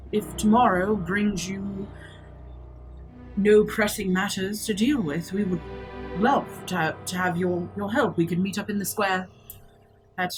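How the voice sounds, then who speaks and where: A woman voicing a proud, mustached male captain of knights, formal and halting. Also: medium pitch, natural voice, low-quality recording. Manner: formal, halting, stumbles over words.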